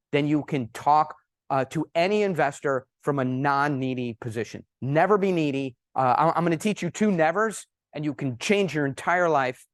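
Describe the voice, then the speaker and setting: A man speaking at a conference, telling a story with lively emphasis and a fairly high-pitched voice. The recording is dry and close, with little room sound. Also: dry recording. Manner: animated, emphatic anecdote-telling. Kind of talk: presentation with storytelling.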